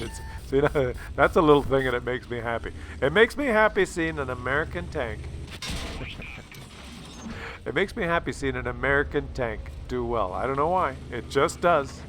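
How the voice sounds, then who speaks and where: A man giving casual, animated commentary on gameplay, chatty and swearing freely. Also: medium pitch, a little hiss or hum. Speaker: gaming video commentator.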